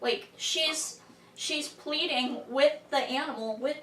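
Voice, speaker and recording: A woman's voice: sits high, takes it slowly, slight background noise. A woman on a podcast panel, animatedly arguing her view of a film in casual discussion. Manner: animated, expressive, argues her reading of the film. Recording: roomy room, distant mic.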